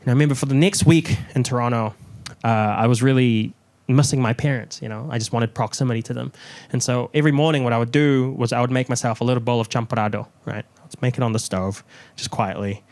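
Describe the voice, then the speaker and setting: A young man performing a stand-up comedy set in a large theatre, telling stories in an animated way and acting out the people in them. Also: fast. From New Zealand. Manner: animated storytelling, acts out characters with rising pitch. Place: large theatre with live audience.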